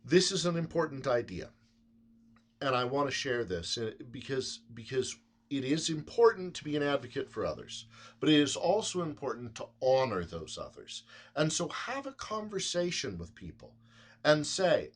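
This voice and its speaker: A man's voice: mid-range voice, sing-song, normal speed. A man speaking to physicians in a conversational, storytelling lecture. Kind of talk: anecdotal lecture.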